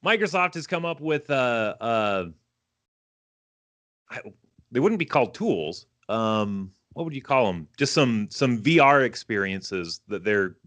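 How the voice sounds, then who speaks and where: Casting: man in his thirties, bright forceful tone, loose rambling podcast delivery. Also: medium pitch. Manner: rambling, self-correcting explanations. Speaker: podcast co-host. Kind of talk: casual chat.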